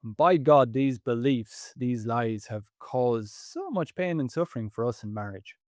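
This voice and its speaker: A man's voice: mid-range voice, lively intonation, unhurried, darkish tone, dry recording, studio quality. Earnest man co-hosting a podcast. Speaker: podcast co-host. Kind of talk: reflective podcast talk.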